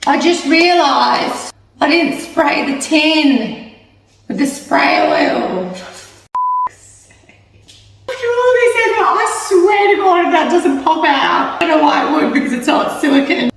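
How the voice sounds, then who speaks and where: A woman talks her way through baking a pie at home, chatty and self-mocking, laughing as she goes. Her voice sits high and swings widely in pitch. The kitchen rings with echo, and she stands some way off from the mic. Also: sing-song, measured pace, a little hiss or hum. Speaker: cooking vlogger. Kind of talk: casual cooking vlog. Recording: echoey kitchen, mic at a distance.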